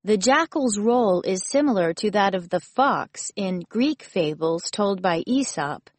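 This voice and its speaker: A woman narrates a fable and its background in a clear, measured reading. Her pace is slow and unhurried. The recording is dry and close, with no room sound. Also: medium pitch, animated, dry recording. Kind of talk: scripted storybook and nonfiction narration.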